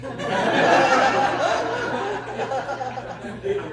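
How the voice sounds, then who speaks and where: A man's voice: extremely high pitch, very animated, very slow, a bit bright. Man, stand-up comedian, rambling, profane, echoey club, heard from far off. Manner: profane, rambling, laughs at his own jokes. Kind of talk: stand-up set.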